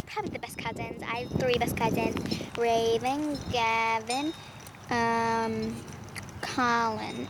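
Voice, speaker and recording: A young woman chatting casually to her phone camera outdoors, rambling and laughing often as she vlogs from outside in the rain. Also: on the high side. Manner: giggly, rambling, frequently laughing. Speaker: vlogger. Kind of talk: casual vlog chat. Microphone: phone camera held by hand. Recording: loud rain and outdoor noise.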